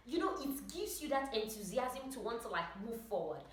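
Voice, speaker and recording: A woman vlogger giving a chatty motivational talk to camera, animated and full of "like" and "oh my God.". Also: on the high side, moderate pace. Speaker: vlogger and trainee pilot. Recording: echoey room.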